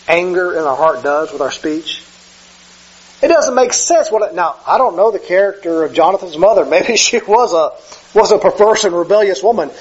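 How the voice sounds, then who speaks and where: Husky high-voiced male preacher. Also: highs cut off. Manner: conversational, self-correcting, acts out quoted speech. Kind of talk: sermon. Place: church sanctuary with slides.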